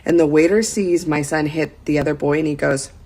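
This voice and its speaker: Chatty woman in her thirties, low-pitched. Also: a little fast, darkish tone. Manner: chatty, heavy use of "like" fillers. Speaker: lifestyle vlogger. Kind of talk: casual storytelling.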